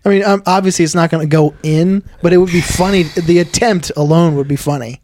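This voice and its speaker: A man co-hosting a podcast, easygoing in casual chat and quick to laugh. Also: on the high side, steady tone, darkish tone, slight background noise. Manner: laughs often, easygoing replies. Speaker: podcast co-host.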